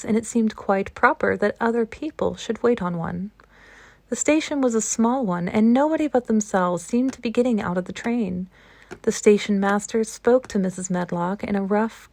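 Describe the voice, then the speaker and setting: A woman reads a classic storybook aloud in a calm, steady audiobook manner. Her voice sits at a middle pitch. The recording is dry and close, with no room sound. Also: dry recording. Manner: steady, even-paced reading. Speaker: storybook reader.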